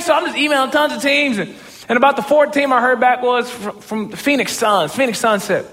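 A man giving a motivational talk as a storyteller, swinging from low murmurs to excited shouts, stammering and repeating words when he gets worked up. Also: fast talker, big-room sound. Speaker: motivational speaker.

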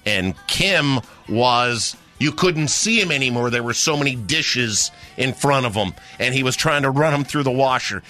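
A male radio host taking calls and telling a story from his restaurant days in a chatty, animated way. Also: mid-range voice, moderate pace, few pauses, faint music behind. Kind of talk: call-in radio show hosting.

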